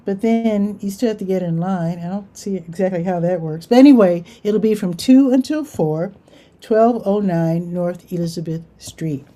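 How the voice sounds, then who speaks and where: A woman's voice: lowish voice, normal speed, mellow. A woman hosting a casual community events rundown, chatting her way through a schedule with offhand asides.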